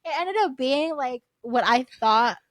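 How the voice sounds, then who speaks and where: A woman's voice: high-pitched, unhurried, a little hiss or hum. A young woman hosting a podcast, telling a story in casual chat, acting out quotes and filling her talk with "like.". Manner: animated storyteller, acts out quotes, many "like" fillers. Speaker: podcast host.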